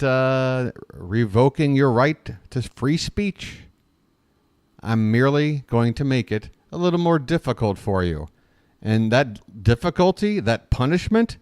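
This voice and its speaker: A man's voice: medium pitch, a little mellow, dry recording. Man, fan baseball play-by-play, chatty, uh fillers, mid voice, dry room. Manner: chatty, addresses listeners as folks, frequent uh fillers. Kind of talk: live fan play-by-play and commentary.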